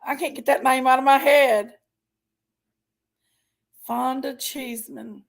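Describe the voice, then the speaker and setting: A woman's voice: high voice, fairly even intonation, slow pace, vocal fry. A woman hosting a casual livestream, chatting in a folksy way and greeting viewers by name. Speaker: livestream host.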